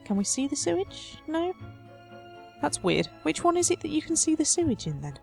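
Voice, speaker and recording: A woman's voice: sits high, very animated, moderate pace, creaky, a little mellow, faint music behind. A woman hosting a city-building let's play, chatting wryly and talking to her simulated residents as she builds. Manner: chatty, wry, talks to her sims. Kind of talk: casual game commentary.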